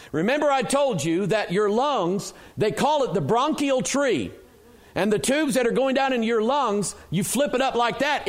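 A man with a high-pitched voice preaching in a church. He fires questions at the congregation and answers them himself, with strong emphasis. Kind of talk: sermon.

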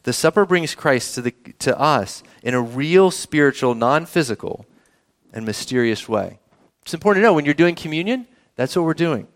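A pastor preaches in a conversational way, frequently asking the congregation questions. His voice is on the high side, with lively intonation and a moderate pace.

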